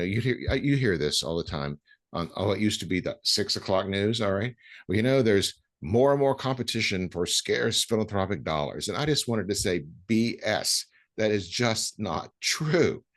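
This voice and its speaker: Low voiced host guy, lots of ums, then hits his point hard. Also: animated, moderate pace. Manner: hesitant, many ums and restarts, emphatic. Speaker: podcast host. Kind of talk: conversational interview.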